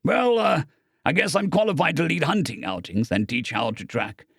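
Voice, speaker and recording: A man's voice: fairly high pitch, very animated, normal speed, fairly bright tone, breathy edge, no room sound, clean studio sound, voice pushed up, full character voice. A man narrating an audiobook, voicing an awkward, modest young pilot who speaks hesitantly.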